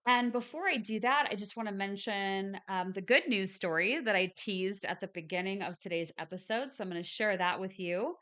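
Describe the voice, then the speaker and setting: Bright, clear-voiced woman chatting live. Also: medium pitch, normal speed, hardly any pauses. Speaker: host of a spiritual live stream. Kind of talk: casual live stream chat.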